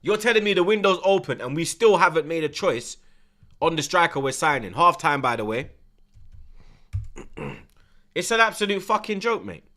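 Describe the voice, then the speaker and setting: Young male host, lively pitch, bright edge, heated slang-heavy football rant. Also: normal speed, pauses often. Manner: ranting, emphatic, London slang. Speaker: watchalong host.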